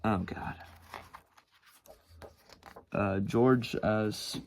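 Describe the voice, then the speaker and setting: A man's voice: lowish voice, measured pace, gravelly, pauses often, a little hiss or hum. A teenage boy casually rambling about his own sketchbooks at home, swearing and mocking himself. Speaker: vlogger showing his sketchbooks. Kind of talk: casual chat.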